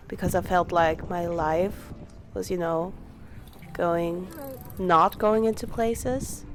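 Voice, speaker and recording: A woman's voice: on the low side, slight background noise. A young woman from Europe talking candidly in a casual vlog voice-over, chatty and emotional. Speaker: travel vlogger.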